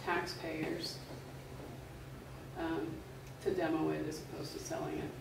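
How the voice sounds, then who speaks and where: A woman with a low, gravelly voice asks plain, direct questions at public comment. She is miked from afar in an echoey hall, with clear room noise underneath. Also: monotone, measured pace, recorded from a distance. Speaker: resident speaking at public comment. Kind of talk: public comment at a school board meeting. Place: large meeting room.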